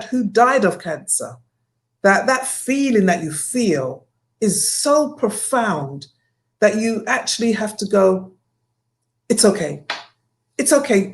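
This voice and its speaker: A woman's voice: mid-range voice, gravelly. A middle-aged woman co-hosting a candid panel chat, speaking in a heartfelt, reflective way and laughing between thoughts. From Jamaican family. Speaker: co-host.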